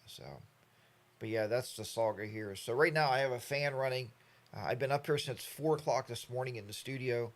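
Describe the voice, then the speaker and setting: A middle-aged man from the United States hosting a casual live stream, rambling and chatty as he reads out viewer comments. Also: mid-range voice.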